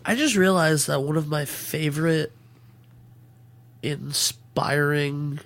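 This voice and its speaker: A man's voice: fairly high pitch, slow, a bit bright. A man co-hosting a casual podcast, teasing and playful with the host.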